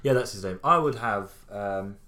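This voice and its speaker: A man's voice: fairly low pitch, expressive, moderate pace, bright, forceful tone. A man co-hosting a casual chat, blunt and dry, with sweary quips. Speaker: podcast co-host.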